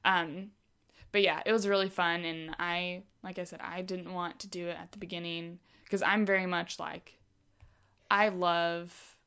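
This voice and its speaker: Young woman, lowish voice, chatty storyteller, filler-heavy casual talk. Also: a little slow, clear, resonant tone. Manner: chatty, many fillers, animated retelling. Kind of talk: casual chat.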